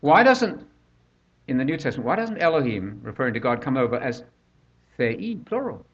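A man's voice: medium pitch, big pitch swings, moderate pace, a bit bright. An older man preaching a conversational sermon, full of rhetorical questions, recorded on a dull lo-fi track.

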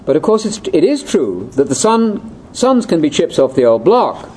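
A man's voice: a little high, very animated, moderate pace, a little mellow, slight background noise, low-quality recording. An older man giving a chatty, wry, ad-libbed lecture to a conference audience. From Britain. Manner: chatty, wry, with asides and laughs. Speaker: speaker at a religious conference.

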